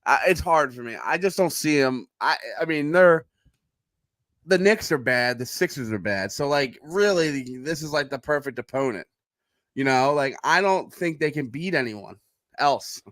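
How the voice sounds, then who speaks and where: A man's voice: a little high, animated, moderate pace, fairly bright tone, no room sound. A man with a Philadelphia accent co-hosting a sports podcast, blunt, sarcastic and profane in casual chat over a remote call. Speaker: podcast co-host.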